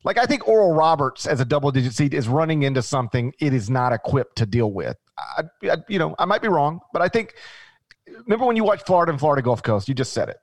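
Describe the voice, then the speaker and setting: Animated Memphis-accented man talking sports. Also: a little high, fast, dry recording. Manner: animated, rambling with restarts. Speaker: podcast co-host. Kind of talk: casual sports chat.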